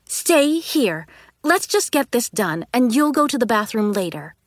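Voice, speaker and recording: A woman's voice: fairly high pitch, very animated, a little slow, dry recording, studio quality. A woman voicing a tired, grumpy woman teacher in a storybook reading, curt and weary. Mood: snappish. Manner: curt, then weary and deflated.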